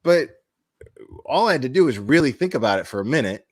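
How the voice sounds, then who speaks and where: A man's voice: medium pitch, very animated, brisk. A man, a crime-commentary vlogger, ranting casually, bluntly and profanely with laughing asides. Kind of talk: casual vlog rant.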